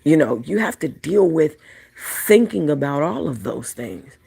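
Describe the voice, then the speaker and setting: A woman's voice: deep voice, big pitch swings, measured pace, gravelly, dark tone, slightly rough. A woman hosting a celebrity commentary show, talking in a chatty, rambling way with frequent restarts. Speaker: commentary channel host.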